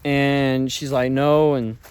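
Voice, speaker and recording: A man's voice: mid-range voice, flat delivery, takes it slowly, a little mellow, smooth, dry recording. A man telling a personal story in a casual, rambling way, full of fillers and swearing. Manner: rambling, filler-heavy talk with frequent swearing.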